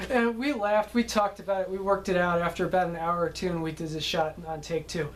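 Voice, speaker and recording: A man's voice: high voice, steady tone, fairly quick, hardly any pauses, a little hiss or hum, low-quality recording. A film director telling stories from a film shoot in a chatty way, often tagging his sentences with "okay?" and laughing at his own tales. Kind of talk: anecdotal storytelling.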